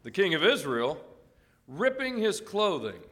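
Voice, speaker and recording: A man's voice: high voice, sing-song, unhurried, a bit bright. A man reading scripture aloud during a sermon, giving the verses expression. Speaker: scripture reader.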